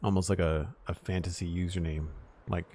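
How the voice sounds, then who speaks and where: Low gravelly male streamer. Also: brisk, slight background noise. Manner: relaxed, thinks aloud while building, thanks viewers by name. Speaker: streamer playing a building game. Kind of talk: casual live-stream chat.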